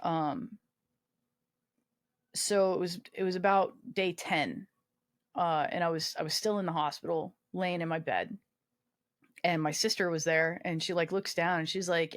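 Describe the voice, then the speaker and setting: An army veteran in her twenties, guesting on a podcast, recounts a personal story at a measured pace with long pauses in a lowish voice. Her telling is frank and self-deprecating, full of swearing and fillers.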